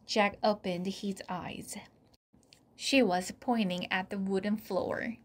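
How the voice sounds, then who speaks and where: Slow, soft storybook reader. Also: female voice, mid-range voice, fairly even intonation. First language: Korean. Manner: soft, often dropping to a whisper. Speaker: channel host reading aloud. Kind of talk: slow read-aloud storybook narration.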